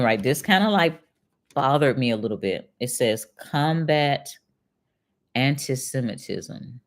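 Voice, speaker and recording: A woman's voice: extremely low pitch, lively intonation, a little slow. A middle-aged woman hosting a casual commentary, reading passages aloud and then answering them with pointed, conversational questions to her viewers. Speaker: channel host and retired accountant.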